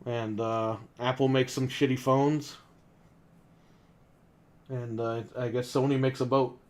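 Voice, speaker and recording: A man's voice: medium pitch, flat delivery, slow pace. A man co-hosting a gaming podcast, ranting casually, in a heated and profane way. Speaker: podcast co-host. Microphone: desk microphone.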